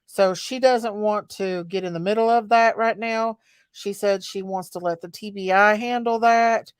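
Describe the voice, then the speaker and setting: A woman's voice: medium pitch, fairly even intonation, normal speed, clear, resonant tone, dry recording, studio quality. A middle-aged woman, hosting a casual livestream chat, greeting viewers by name in a folksy way. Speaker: livestream host.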